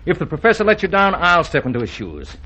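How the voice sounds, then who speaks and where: Cocky young suitor played by a man, husky, lively pitch, radio play. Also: fast talker, full character voice, poor audio. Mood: teasing. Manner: breezy, wisecracking. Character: brash young male suitor, cocky and teasing.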